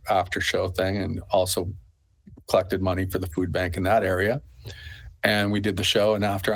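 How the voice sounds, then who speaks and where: A middle-aged Canadian man talks low and easy, a festival owner giving an interview. He wanders through his anecdotes and fills the gaps with ums and you-knows. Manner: rambling storyteller, full of fillers. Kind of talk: conversational interview.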